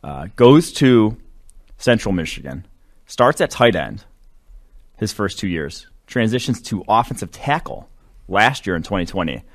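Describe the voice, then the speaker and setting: Co-hosting a sports podcast, a man with a lowish voice sounds very animated yet speaks a little slowly. His casual take on draft prospects rambles along, heavy with filler words.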